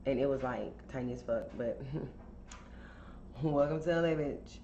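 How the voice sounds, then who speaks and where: A woman with a low voice spins a casual storytime for a podcast. She talks in a chatty, candid way, full of fillers and swearing. The sound is roomy and a bit dull, with faint hiss behind her. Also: measured pace, dark tone. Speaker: podcast host telling a story.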